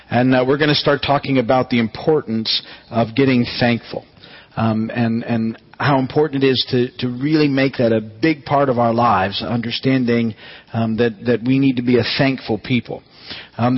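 A man preaching a conversational sermon as pastor, teaching in a relaxed, chatty way with light humor. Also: medium pitch, highs cut off.

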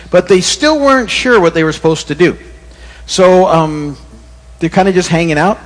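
A middle-aged male pastor giving a relaxed, conversational sermon that wanders into corny jokes. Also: fairly high pitch. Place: church. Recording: long reverb in a church hall.

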